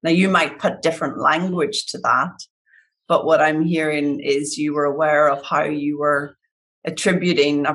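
A woman coach speaks slowly and gently, in a low voice, reflecting on what someone has shared. Her manner is calm and unhurried, and she takes her time with each thought. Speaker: coach or facilitator.

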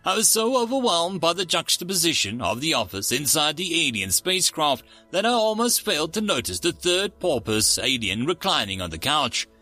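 A man narrates a first-person story with a wry, sardonic edge. His pitch sits a bit high and moves around a lot, and the tone is bright. Faint music plays underneath. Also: sing-song, normal speed, hardly any pauses.

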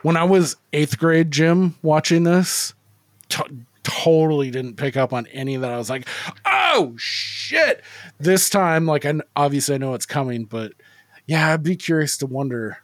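A man's voice: a little high, moderate pace, dry recording. A man co-hosting a movie podcast, talking in a rambling, profane, casual way with lots of fillers. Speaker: podcast co-host. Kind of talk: casual movie-review chat.

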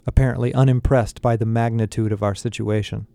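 A man narrating a first-person novel aloud in a steady reading voice. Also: medium pitch, fairly quick, vocal fry. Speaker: audiobook narrator.

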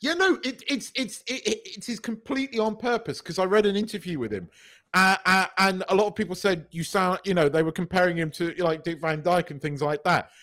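Sweary man, higher voice. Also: a little fast, fairly bright tone. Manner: stammering restarts, sweary, opinionated. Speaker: podcast co-host. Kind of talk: casual chat review.

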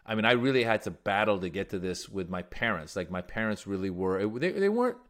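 A comedian guest, born in Iran and brought to the United States as a child where he grew up, rambles through stories in a casual interview. His lowish voice is very animated, fast, and slightly bright, and he keeps restarting sentences and filling gaps with filler words.

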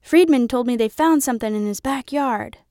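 Woman doing a loud, snarling oddball dad. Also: fairly high pitch, moderate pace, no room sound, clean studio sound, natural voice. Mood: agitated. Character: gruff middle-aged father, restless and odd.

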